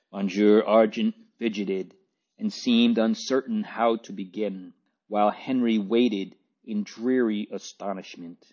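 Guy narrating a novel, slow and measured, muffled lo-fi sound. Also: fairly low pitch. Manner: measured, even storytelling. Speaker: audiobook reader. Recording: dull lo-fi recording.

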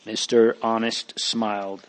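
A man narrating a storybook in a measured, deliberate reading. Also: lowish voice, little pitch movement.

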